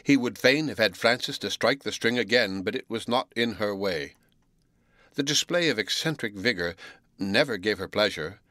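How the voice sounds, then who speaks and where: Low-voiced man narrating a novel. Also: fairly bright tone, no echo, studio quality. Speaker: audiobook narrator. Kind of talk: reading a classic novel aloud.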